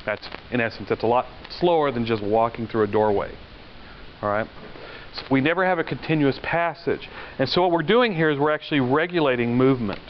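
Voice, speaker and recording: A man lecturing to a class in a relaxed, conversational way, checking in with the students and wandering into anecdotes. The recording is dull and lo-fi, with a faint hiss of noise underneath. His voice sits at an ordinary middle pitch. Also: fairly quick. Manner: conversational, asks the class questions, tells anecdotes. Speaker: university lecturer.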